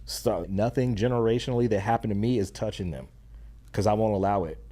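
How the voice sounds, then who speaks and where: A young adult man, a stay-at-home dad and content creator, chats as a podcast guest in a lowish, brisk voice with a dark tone. He comes across earnest and emphatic, using a slangy way of talking.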